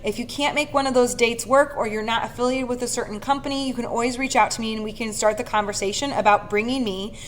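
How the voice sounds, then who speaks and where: Woman, 30s, higher voice, earnest and animated leadership coach, faint room noise. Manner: earnest, coaching, lively with quick laughs. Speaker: speaker and leadership facilitator. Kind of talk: casual talk to camera.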